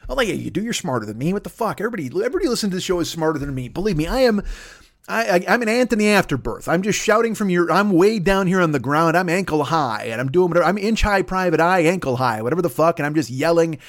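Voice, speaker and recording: A man's voice: sits high, expressive, fast talker. A man hosting a solo comedy podcast from his desk at home, rambling, swearing constantly and running himself down. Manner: profane, rambling, self-deprecating. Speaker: podcast host.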